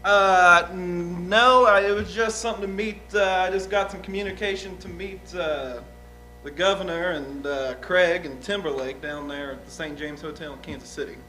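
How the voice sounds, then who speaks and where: A blunt young outlaw witness with no schooling rambles through his answers in a folksy, halting way, as a man plays him. His voice sits high and sounds bright and forward, with faint music underneath. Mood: guarded. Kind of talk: improvised courtroom drama.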